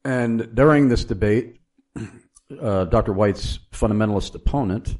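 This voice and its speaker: A man's voice: lowish voice, a little slow, darkish tone. A man hosting a theological discussion, telling an anecdote with frequent hesitations. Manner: storytelling, frequent uh fillers. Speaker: host.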